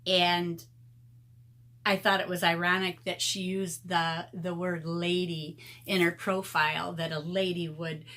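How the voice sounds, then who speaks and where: A woman's voice: fairly low pitch, flat delivery, measured pace, sharp tone. A woman in her fifties chatting casually with viewers in an art vlog, often laughing as she tells stories. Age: 50s. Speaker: art vlogger.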